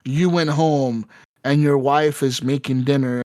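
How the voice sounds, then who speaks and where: This podcast co-host has a medium pitch, fairly even intonation and a measured pace, his tone a little mellow in a dry, clean studio recording. He tells a meandering, swear-filled story on a casual gaming podcast, full of filler words and performed quotes.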